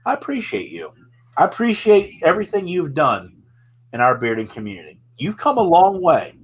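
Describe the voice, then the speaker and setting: A man hosts a casual chat in an earnest, rambling way, often circling back on his own words. His voice is husky and slightly rough, and his pitch moves about in a lively way. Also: normal speed, poor audio. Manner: earnest, rambling, repeats himself. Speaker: podcast host.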